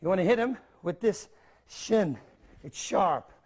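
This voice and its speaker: A man's voice: high voice, lively intonation, measured pace, a little mellow, slightly rough. A middle-aged man, a Dutch native speaker, teaching kicking technique in an instructional video, giving direct cues and counting steps aloud. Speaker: martial arts instructor.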